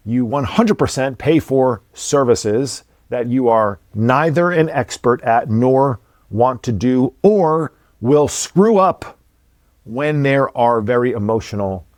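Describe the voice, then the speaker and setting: A man's voice: mid-range voice, darkish tone, dry recording. A man hosting a motivational podcast, talking bluntly and emphatically, with casual swearing. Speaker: podcast host.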